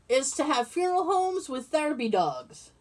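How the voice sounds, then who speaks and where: Woman, podcast co-host, casual chat, laughing storyteller, fairly high pitch. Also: a little slow. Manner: animated storyteller, laughs often.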